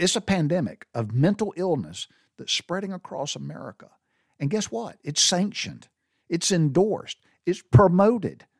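A man's voice: on the high side, dry recording, studio quality. An older man, hosting a casual solo podcast in a rambling, profane, folksy way. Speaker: podcast host.

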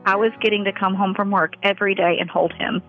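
A woman speaking in an interview as a mother, earnest and halting, with many fillers, on slightly muffled audio. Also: medium pitch, fairly even intonation, soft background music. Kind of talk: emotional personal interview.

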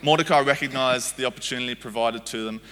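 Guest speaker, man, bright storytelling preacher, reverberant church hall. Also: medium pitch, fast, slight background noise. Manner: storytelling, checks in with the audience. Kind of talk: family service sermon.

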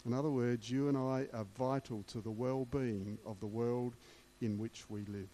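A man's voice: mid-range voice, steady tone, moderate pace, dark tone. A man preaching a sermon, emphatic and repeating key words for weight.

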